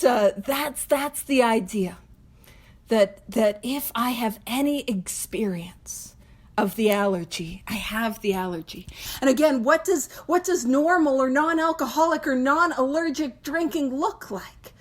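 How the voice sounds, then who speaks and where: A woman with a high voice leads a casual recovery book study. She talks in a chatty, self-mocking way and breaks into laughter often. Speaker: podcast host leading a recovery book study.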